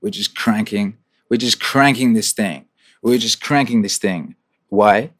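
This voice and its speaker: A man's voice: lowish voice, measured pace, fairly bright tone, slight background noise. A man hosting a weekly question-and-answer livestream, chatting casually, swearing and repeating phrases for rhythm. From England.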